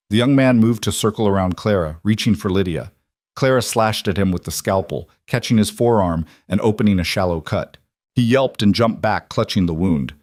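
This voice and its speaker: A man narrates a frontier story in an even, dramatic manner. His voice is fairly low and recorded dry and close. The delivery suits a western audiobook. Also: moderate pace, no room sound.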